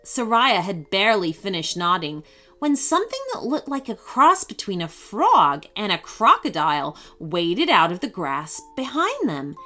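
A woman reads a children's story aloud, unhurried and expressive. Her voice is bright and clear, and it rises and falls with lively animation. Soft music plays faintly underneath. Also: mid-range voice.

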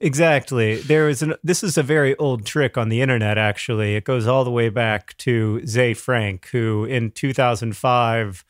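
A middle-aged man co-hosting a chatty podcast, wry and quick to laugh. His pitch sits in an ordinary middle range. The sound is close and dry, with no room around it. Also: fairly even intonation, no room sound. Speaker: podcast co-host. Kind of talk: casual chat.

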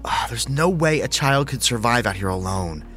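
Guy doing a jittery husband, stammers a lot, lively up and down voice, music under it. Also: mid-range voice, normal speed, pitched above the performer's own voice, natural voice. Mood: shaken. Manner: tense and hesitant, stumbling over words. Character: anxious young husband, cautious and shaken. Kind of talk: dramatic horror story reading.

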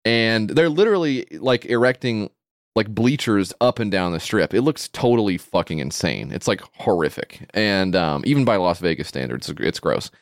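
A man's voice: on the low side, animated, moderate pace, dry recording, clean studio sound. A man co-hosting a comedy podcast, telling a rambling, profane story and laughing through it. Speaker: podcast co-host.

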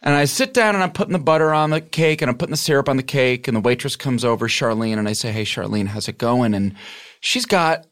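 A man guesting on a comedy podcast, spinning a rambling improvised anecdote in an earnest deadpan manner. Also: medium pitch, fast talker, few pauses.

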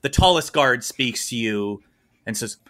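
A man's voice: mid-range voice, lively intonation, a little slow, a bit bright. A man narrating a tabletop game as game master, improvising with frequent fillers.

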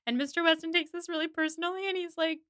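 A woman's voice: extremely high pitch, fairly even intonation, quick pace, fairly bright tone, no room sound, clean studio sound. A woman hosting a casual podcast chat, animatedly retelling a TV episode and acting out the characters' lines. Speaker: podcast host.

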